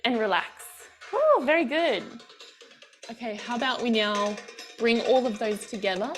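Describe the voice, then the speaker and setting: A woman's voice: fairly high pitch, big pitch swings, moderate pace. A woman from Australia teaching a bellydance class, counting the beats aloud and giving encouraging cues. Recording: faint music behind. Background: class music.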